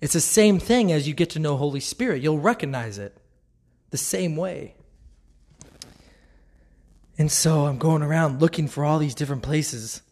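Earnest, chatty man with a slightly high voice. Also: lively intonation, normal speed, pauses often, a little mellow. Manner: earnest and conversational, laughs easily. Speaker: Christian speaker. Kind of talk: casual devotional talk.

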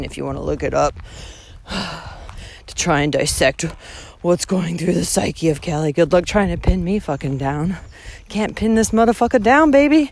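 A woman vlogging while out on a walking route, ranting and rambling with heavy swearing, jumping between loud outbursts and quiet muttered asides. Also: medium pitch, slight background noise. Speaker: vlogger hiking a long-distance trail. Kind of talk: ranting monologue to the listener.

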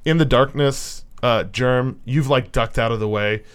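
A man narrating as game master of a tabletop role-playing game, in a loose, halting way with many fillers. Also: mid-range voice, clear, resonant tone.

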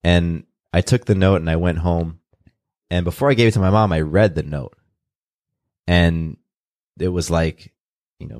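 Low voiced guy from california, earnest and open, dry close sound. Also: a little mellow, no room sound. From California, USA. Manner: open, earnest, unhurried with restarts. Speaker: guest. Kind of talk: reflective personal storytelling.

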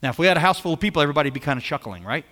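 A man preaching a sermon as pastor, animated, repeating phrases and asking his listeners questions. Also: fairly high pitch, very fast, long reverb tail.

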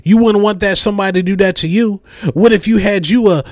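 On his podcast, a young man rattles off a fast, funny rant full of impressions and recurring catchphrases. He sounds fairly high-pitched for a male, captured in a dry, close recording with no surrounding space.

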